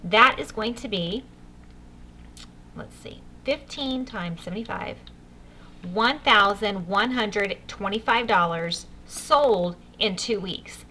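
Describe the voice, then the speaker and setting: Bright-voiced upbeat woman coaching sales. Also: mid-range voice, slow pace, a little hiss or hum. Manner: upbeat, coaching, addresses listeners directly. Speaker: sales director training new consultants. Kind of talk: enthusiastic sales training talk.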